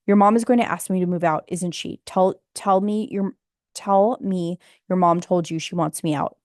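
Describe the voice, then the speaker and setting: A woman narrator voicing a distraught, guilty husband who pleads slowly in a memoir audiobook. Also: on the low side, steady tone, darkish tone, dry recording, clean studio sound, close to an everyday voice. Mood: pleading.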